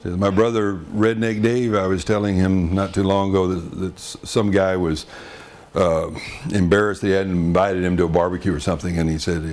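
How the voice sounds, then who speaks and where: A man's voice: low-pitched, level tone, a little fast, a little mellow. A man from Texas with a Texan accent, telling folksy anecdotes in a wry, good-humored way and chuckling often. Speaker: storyteller.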